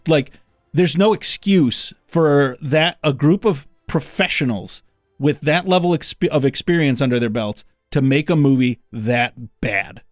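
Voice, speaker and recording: A man's voice: a little high, lively intonation, unhurried, no room sound, faint music behind. A man hosting a podcast in casual chat, rambling with restarts and swearing freely. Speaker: podcast host.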